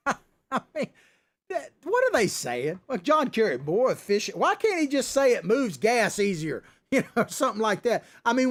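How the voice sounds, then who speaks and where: A talk show host man rants through a political monologue in a high voice. He is sarcastic and chuckles often. His pitch swings widely, from high jabs down to low, dry asides. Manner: sarcastic, ranting, with frequent chuckles.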